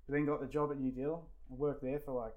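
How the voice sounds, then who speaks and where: Australian man, 40s, fast talker, rambling, swears, casual storytelling. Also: mid-range voice, fairly even intonation, phone-quality sound. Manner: rambling, swears freely, many fillers. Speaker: guest.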